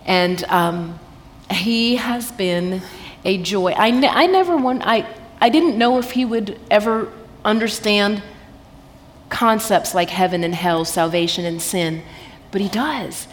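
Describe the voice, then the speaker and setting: A woman's voice: medium pitch, slow pace. A woman with a Southern American accent, sharing a heartfelt personal testimony at a church women's event, quoting scripture and laughing easily. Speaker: guest sharing her testimony. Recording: reverberant hall, faint background noise.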